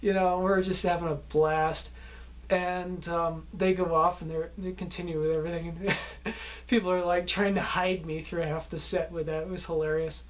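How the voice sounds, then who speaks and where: Speaking at a moderate pace in a level tone, this man's voice runs a little high. He's an actor swapping casual behind-the-scenes tales from a film set, full of fillers, false starts, and frequent laughter.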